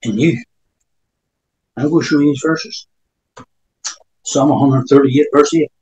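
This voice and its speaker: A man's voice: on the high side, a little slow, darkish tone, echoey room, poor audio. A man preaching a sermon, reading scripture aloud between emphatic remarks.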